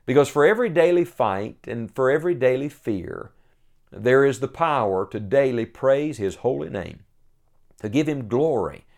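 A man's voice: mid-range voice, expressive, vocal fry, darkish tone. Earnest male preacher, emphatic sermon. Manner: earnest, emphatic, slows to stress key phrases.

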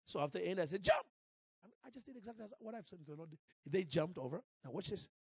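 A man preaching and telling a story in an animated way, with frequent restarts and repeated words. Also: sits high, racing, gravelly, breathy edge, dry recording. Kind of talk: sermon storytelling.

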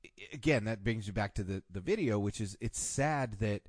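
A man's voice: lowish voice, animated, normal speed, no room sound, studio quality. A man hosting a podcast in casual chat, blunt and profane with strong opinions. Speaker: podcast host.

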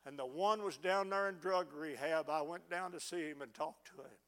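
High, bright-voiced fervent preacher man. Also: moderate pace. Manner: fervent preaching with repeated stammering restarts. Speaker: pastor. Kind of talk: sermon. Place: church sanctuary.

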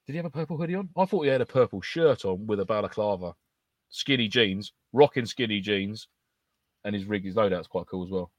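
A man's voice: fairly low pitch, animated, brisk, dry recording, lo-fi sound. A man co-hosting a podcast, joking and teasing his co-hosts in casual banter. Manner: teasing, jokey. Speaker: podcast co-host.

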